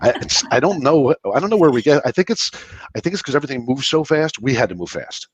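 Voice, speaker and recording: A man from the Philadelphia area, a guest on a podcast, talking rapidly and laughing at himself. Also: medium pitch, expressive, slightly rough, dry recording. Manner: rapid, self-deprecating, laughs often. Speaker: guest, business credit expert. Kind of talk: casual interview chat.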